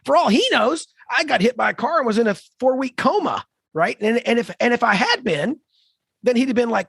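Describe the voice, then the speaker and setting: A man in his fifties, a podcast co-host, telling a story in an animated, emphatic way with lively asides. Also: extremely high pitch, brisk, gravelly, husky, no room sound. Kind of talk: conversational storytelling.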